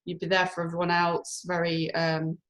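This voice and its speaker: A woman's voice: fairly low pitch, completely flat delivery, moderate pace, fairly bright tone. A woman co-hosting a live stream, reading out numerology numbers, apologetic and giggly. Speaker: numerology co-host.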